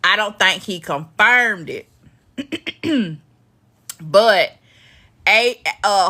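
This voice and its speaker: A woman hosting a casual live-stream recap, chatty and animated as she talks to her viewers. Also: medium pitch, extremely slow, pauses often, faint music behind.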